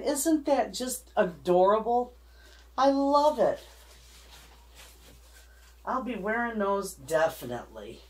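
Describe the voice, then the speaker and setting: In a mid-range voice with slight background noise, a middle-aged woman who hosts a homesteading channel talks to her viewers on camera. Her chat is casual and rambling, full of heartfelt emotion.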